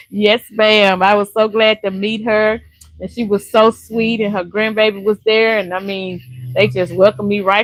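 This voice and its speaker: A woman's voice: medium pitch, fairly even intonation, normal speed, no echo, poor audio. An older woman from Louisiana, chatting casually and laughing often with viewers on a live stream. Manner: chatty, laughs often, warm folksy talk.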